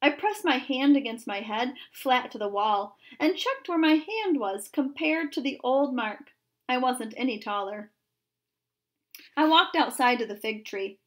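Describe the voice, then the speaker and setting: High-voiced woman reading a storybook aloud. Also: measured pace. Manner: expressive, storytelling.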